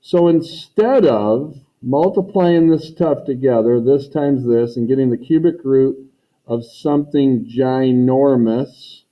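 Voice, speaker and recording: A man's voice: mid-range voice, slow pace. A man teaching a math lesson in a folksy way, talking students through each step and repeating his catchphrases. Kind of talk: recorded classroom lesson. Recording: tinny phone-like recording.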